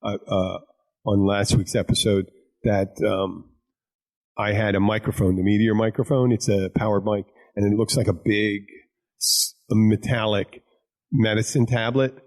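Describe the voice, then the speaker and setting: A man's voice: fairly low pitch, steady tone, normal speed, a little mellow. A man hosting a podcast, a bartender telling rambling stories full of crude jokes and restarts. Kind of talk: casual chat.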